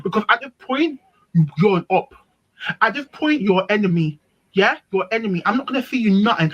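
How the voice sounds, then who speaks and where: A woman tells a personal story on a live panel stream. She talks in an animated, emphatic way and leans on repetition to drive each point home. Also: mid-range voice, fairly quick, husky, dull audio. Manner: animated, emphatic, repeats herself. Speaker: panel speaker.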